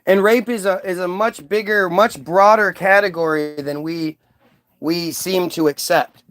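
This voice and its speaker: A man's voice: sits high, steady tone, measured pace, a bit bright. A man hosting a livestream, ranting casually to his chat in a heated, profane way with many restarts. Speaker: livestream host. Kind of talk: casual rant to a live chat.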